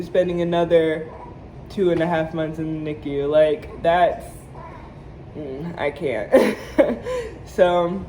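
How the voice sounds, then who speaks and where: A young woman vlogger telling a personal storytime, animated, acting out quoted lines and laughing often. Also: fairly low pitch, slight background noise, low-quality recording. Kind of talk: storytime vlog.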